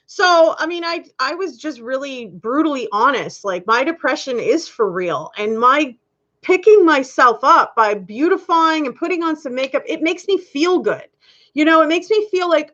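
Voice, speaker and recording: A woman's voice: sits high, lively intonation, unhurried, fairly bright tone, muffled recording. A woman hosting a casual live stream, chatting candidly with viewers and laughing often.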